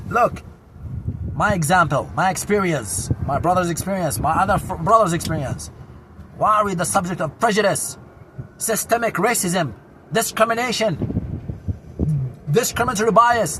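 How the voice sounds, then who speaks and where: A Syrian vlogger in his forties, with a Syrian Arabic accent and a high, animated voice at normal speed, rants loudly and indignantly to the camera outdoors, projecting his heated points and repeating himself. Traffic makes this street recording noisy.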